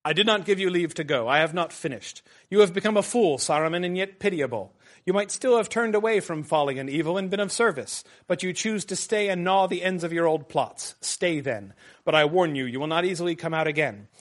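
A teacher reading as a stern commanding wizard. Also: male voice, fairly high pitch, fairly quick, lightly acted. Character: wizard Gandalf, commanding, read aloud. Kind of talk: dramatic read-aloud from a novel.

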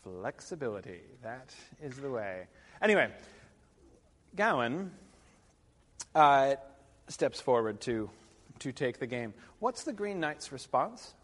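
A man's voice: mid-range voice, sing-song, takes it slowly, pauses often, fairly bright tone. A man lecturing a class, rambling with many fillers and wry asides. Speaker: literature lecturer. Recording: long reverb of a lecture hall.

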